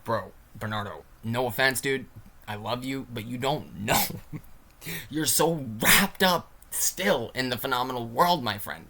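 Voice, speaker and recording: A man vlogging a casual philosophy rant to his viewers, animated and profane, with emphatic bursts. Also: medium pitch, measured pace.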